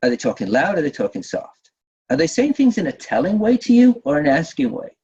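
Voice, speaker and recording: Lively husky man teaching a webinar. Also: high voice, fairly quick. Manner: lively, repeats himself, asks the audience "right?". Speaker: workshop trainer. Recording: dull lo-fi webinar audio.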